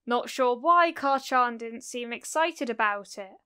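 A woman narrating a cozy fan fiction audiobook in a gentle, unhurried storytelling manner. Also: on the high side, expressive, smooth, no room sound, studio quality.

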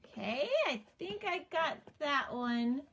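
A woman's voice: sits high, expressive, slow, fairly bright tone, slight background noise. A woman narrating a toy unboxing off camera, gushing and giggly in a sing-song way. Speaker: toy reviewer.

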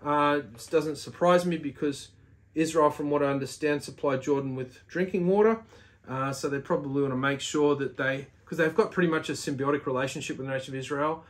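A man with a voice a little higher than most men's, talking straight to his viewers. He teaches in a loose, earnest, exhorting way, pressing his points home and leaning on frequent "uh" fillers as he goes. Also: brisk. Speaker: religious video host. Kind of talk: casual religious teaching monologue.

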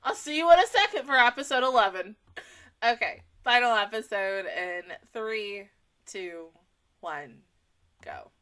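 A woman hosting an anime reaction video, talking expressively and swinging between laughing, near-crying and shouting. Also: fairly high pitch, expressive, a little slow. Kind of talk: emotional anime reaction commentary.

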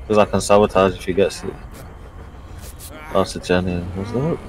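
A man's voice: sits low, fairly quick, pauses often, rough recording. A man giving running gameplay commentary, talking to himself and swearing as he plays. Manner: swears often, talks to himself while playing. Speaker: gamer.

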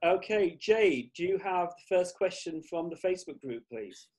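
A man hosting an online interview, brisk and friendly as he passes along questions. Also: sits high, lively intonation, darkish tone. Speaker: interview host.

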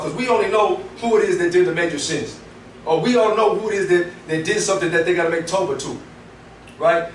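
Man, preacher, high voice, talky sermon, roomy echo, distant mic. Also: slight background noise. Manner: conversational, frequent "right?" tags. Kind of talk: Friday sermon. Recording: echoey room, mic at a distance.

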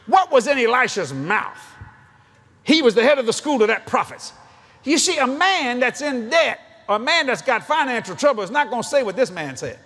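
High, lively husky preacher man. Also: normal speed. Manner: animated, joking storyteller. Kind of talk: sermon at a convention.

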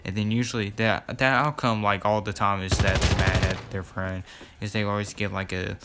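A man talks loosely over his gameplay, repeating himself and stringing thoughts together with fillers. His voice sits low and gravelly. Loud game gunfire and shooting runs underneath the whole time. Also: level tone, moderate pace, very noisy. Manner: rambling, repeats words, many fillers. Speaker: gaming YouTuber. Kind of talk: casual gameplay commentary.

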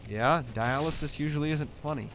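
A man's voice: on the high side, brisk, a bit bright. A man co-hosting a let's play, arguing in a pedantic, sarcastic way during casual gaming commentary.

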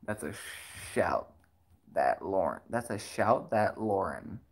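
A livestream host and musician chatting casually with viewers, giggling often and rambling excitedly between songs. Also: low-pitched, slow.

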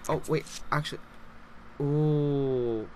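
Slow-talking excitable young gaming commentator man. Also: a little high, a little hiss or hum. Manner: excitable, gasping reactions, talks to viewers. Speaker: gameplay commentator. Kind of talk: casual let's play commentary.

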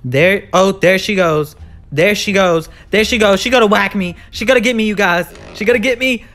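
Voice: mid-range voice, normal speed, fairly bright tone, soft background music. A gamer giving live commentary on a horror game, jumpy and sassy, shrieking when scared and talking back to the villain. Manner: frightened shrieks and repeated exclamations.

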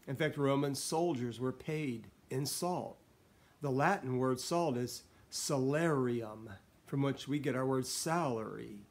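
A middle-aged pastor delivers a devotional talk in an earnest, steady voice of middling pitch. He reads scripture passages aloud and pauses now and then to clear his throat.

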